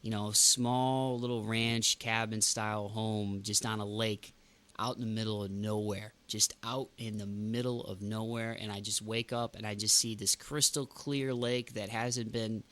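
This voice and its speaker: Ranting podcast host, lower-voiced man. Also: measured pace. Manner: ranting, animated and emphatic. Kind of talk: casual chat.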